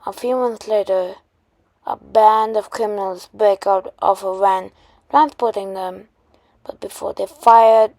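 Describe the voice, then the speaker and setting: A woman retelling a made-up superhero story, halting often with restarts and fillers. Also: medium pitch, darkish tone, dry recording.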